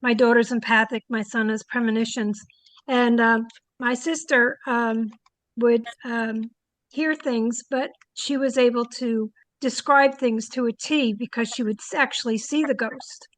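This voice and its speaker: A middle-aged woman, a psychic guest, telling lively anecdotes with many fillers in an interview. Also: fairly high pitch, unhurried, dry recording, poor audio. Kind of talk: storytelling interview answers.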